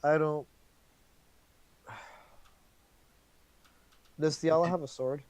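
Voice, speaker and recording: A man's voice: a little high, fairly even intonation, a little mellow, no echo. A man playing a tabletop game, talking casually and often restarting words as he thinks. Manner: halting, repeats words while thinking. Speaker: player.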